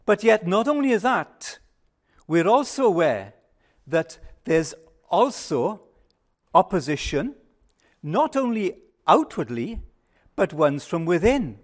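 Slow, high-voiced older male preacher. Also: very animated. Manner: slow, measured preaching with emphatic rises and hushed pauses. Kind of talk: sermon.

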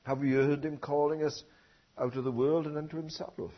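Male preacher, sermon, high voice, husky tone, rhetorical tag questions, rising emphasis, dull lo-fi recording. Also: level tone, moderate pace.

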